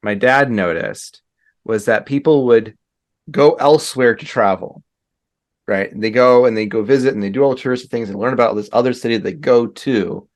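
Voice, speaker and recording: An easygoing man talking as a podcast guest in a casual conversation. He speaks thoughtfully, with a middle-pitched voice, and breaks into laughter often. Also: moderate pace. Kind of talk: casual interview chat.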